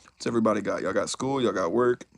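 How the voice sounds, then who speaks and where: A young man hosting a casual live stream, excitable and chatty, talking straight to his chat. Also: fairly low pitch, quick pace. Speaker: YouTuber host of a live stream.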